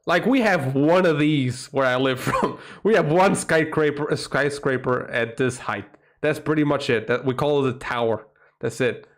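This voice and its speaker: He's a livestream host from Portugal with a Portuguese accent, chatting casually in a rambling, profane style punctuated by frequent exclamations. His voice is medium-pitched and moderately paced.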